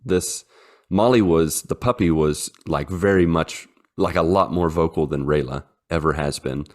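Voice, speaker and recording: Podcast co-host, man, 30s, very low voice, chatty storyteller with lots of fillers. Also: normal speed, a little mellow. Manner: rambling storyteller, many fillers, acts out his dogs in silly voices. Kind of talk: casual chat.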